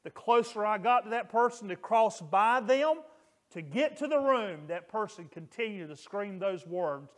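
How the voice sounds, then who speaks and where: Earnest high-voiced male pastor preaching. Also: animated, unhurried. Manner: earnest, emphatic, raises voice on quoted screams. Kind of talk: sermon storytelling.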